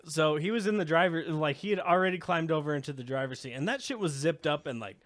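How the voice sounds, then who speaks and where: A man's voice: a little high, fast talker, fairly bright tone, no room sound, studio quality. A man co-hosting a podcast, telling rambling stories in casual chat with frequent swearing. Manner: rambling, profane storytelling. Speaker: podcast co-host.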